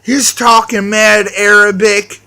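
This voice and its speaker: A man's voice: high-pitched, little pitch movement, slow, pushed and bright, smooth. A man telling a crude, swear-filled story in a rambling way, restarting and repeating himself. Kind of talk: profane storytelling rant.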